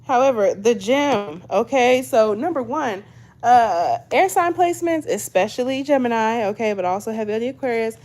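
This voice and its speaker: A woman's voice: fairly high pitch, animated, moderate pace, a little mellow. A woman doing a casual tarot reading to camera, chatty, often tagging lines with "okay?" and addressing viewers as "y'all". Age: 20s. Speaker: tarot reader.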